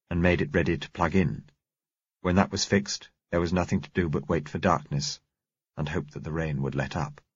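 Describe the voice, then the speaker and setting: A man reading a first-person story aloud in a measured, steady narration. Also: deep voice, breathy edge, dry recording, highs cut off. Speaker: audiobook narrator.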